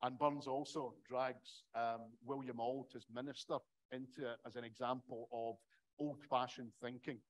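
A man's voice: mid-range voice, fairly even intonation, moderate pace, poor audio. A middle-aged man giving a public academic lecture in a conversational way, with wry asides.

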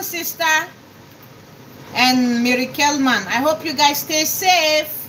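Chatty high-voiced Nigerian woman. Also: slow, a little hiss or hum, low-quality recording. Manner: chatty, laughing, shouts greetings to viewers. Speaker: live-stream vlogger. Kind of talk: casual live-stream chat while cooking.

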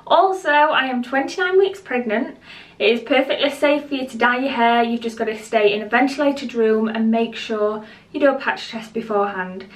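A woman's voice: fairly high pitch, normal speed. A woman beauty vlogger chatting to her viewers at home, rambling a little and a bit out of breath. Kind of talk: casual chat to camera. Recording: roomy echo, voice a bit distant from the mic.

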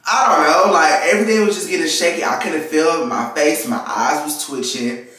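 A man's voice: a little high, normal speed, pushed and bright, distant mic, a little hiss or hum. A nineteen-year-old man from Texas, telling a casual story time and animatedly acting out the people in his story. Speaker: vlogger. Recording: very echoey room, mic set back.

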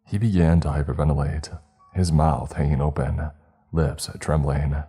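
A man narrating a horror story in slow, grave, scripted style. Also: rumbling low, level tone, dark tone, breathy edge, soft background music.

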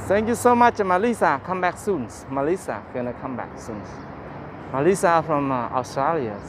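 A man's voice: fairly high pitch, animated, moderate pace, background noise. A man hosting a live walking-tour stream outdoors in a city park, chatting cheerfully in simple broken English and thanking viewers by name. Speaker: livestream walking-tour host. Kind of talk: casual live-stream chat.

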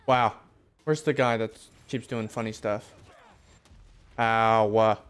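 A man's voice: lowish voice, fairly even intonation, takes it slowly, clean tone. Young man, gameplay commentary, brash, joking, profane, talks back at the screen. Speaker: gaming video host.

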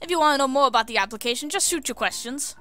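Here's a cheery, chatty male tech specialist from a video game, eager to explain his hardware, as a woman puts him on. He speaks in a higher, bright voice with an attempted Australian accent. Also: very fast, faint music behind.

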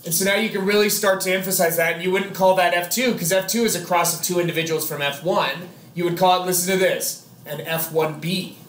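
High-voiced man teaching in an echoey classroom. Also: brisk, hardly any pauses, a bit bright, a little hiss or hum. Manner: chatty, jokey, quizzes students. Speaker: biology teacher. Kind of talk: classroom lecture.

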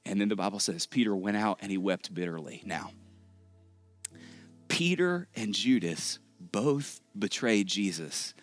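A male pastor from Texas preaching a sermon to a big church room in a conversational, joking, animated way. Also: lowish voice, a little slow, faint music behind. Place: large church auditorium.

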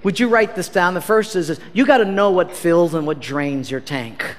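A man preaching as a pastor, telling a story with animated, self-mocking humor and acting out the dialogue. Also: sits high, normal speed. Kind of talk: storytelling sermon. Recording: reverberant hall.

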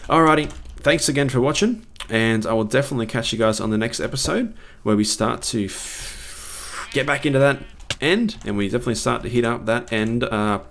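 Excitable man gaming. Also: mid-range voice, quick pace, slight background noise. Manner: excitable, swings between panic and cheering. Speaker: gaming video creator. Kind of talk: live gameplay commentary.

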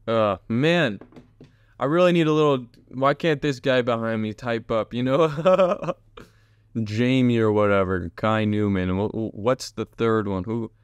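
A chatty host with a fairly low, smooth, clear male voice rambles through a casual solo podcast, jumping between tangents and talking straight to his viewers. The recording is close and dry with no room around it.

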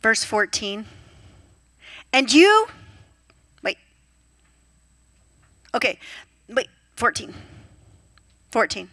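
A woman pastor preaching a sermon, telling stories with lively acted-out quotes. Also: on the high side, slow pace, pauses often, no room sound. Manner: lively storytelling, acts out voices and quotes. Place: church.

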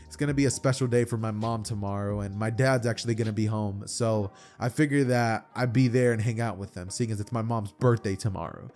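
A man's voice: fairly low pitch, fairly quick, few pauses, darkish tone, natural voice. Man playing an eager gushing teen boy, tripping over words, faint music behind. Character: eager teenage boy, devoted superhero fan.

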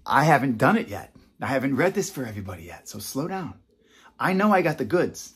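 A man in his fifties hosting a casual talk to camera, animated and teasing, dropping from loud bursts to a hush. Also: medium pitch, a little fast, slightly rough. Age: 50s. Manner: animated, swinging between loud and hushed, teasing. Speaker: self-help author and host.

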